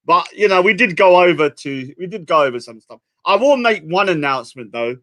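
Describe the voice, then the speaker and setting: Young British man hosting a livestream, rambling and self-mocking, bright and fairly high voice. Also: expressive, brisk. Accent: British English. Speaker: livestream host. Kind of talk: casual livestream chat.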